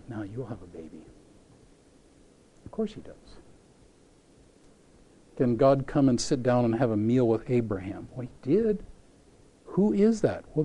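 A man preaching a sermon in a relaxed, mellow voice of middling pitch. He brings a scripture story to life, acting out its voices and firing rhetorical questions at the listeners.

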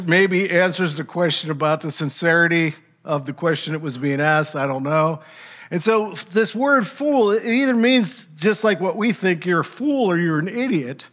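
A man's voice: high voice, a bit bright. A man preaching a sermon, teaching in an emphatic, conversational way with rhetorical asides.

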